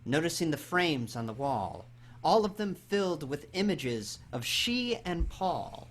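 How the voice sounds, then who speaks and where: An audio drama narrator, reading descriptive scene narration in a measured way. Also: medium pitch, very animated. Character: storyteller narrating events. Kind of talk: scripted narration. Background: music.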